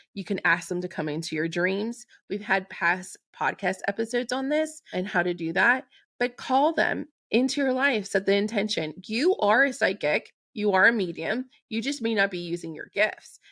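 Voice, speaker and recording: A woman hosting a solo spiritual podcast, speaking in a gentle, affirming way and slowing down to recite intentions. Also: mid-range voice. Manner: slow and deliberate when reciting an intention. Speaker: podcast host and Reiki practitioner.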